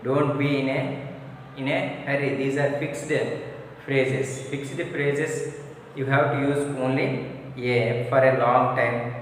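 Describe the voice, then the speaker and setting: Male teacher, slow and repetitive, distant mic in a reverberant hall with faint noise. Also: medium pitch, steady tone. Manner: repetitive, drilling examples aloud. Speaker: English teacher. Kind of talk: classroom grammar lesson. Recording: echoey hall, recorded from afar.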